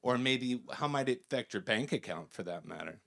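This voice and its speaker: A man performing a stand-up comedy set, telling an animated personal story on stage, full of fillers and acted-out quotes. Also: medium pitch, brisk, creaky. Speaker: researcher doing stand-up. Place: stage before a live audience.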